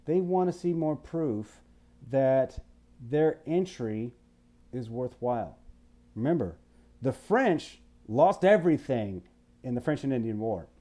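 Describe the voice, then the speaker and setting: A man with a voice on the high side gives a recorded history lecture with playful energy. He throws questions at the listener and every so often puts on voices.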